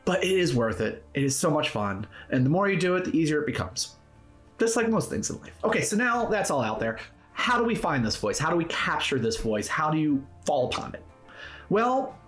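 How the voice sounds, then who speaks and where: Encouraging man hosting a roleplay tips video. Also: a little high. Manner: upbeat, encouraging, conversational. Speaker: tabletop roleplaying video host. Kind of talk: casual instructional talk to camera.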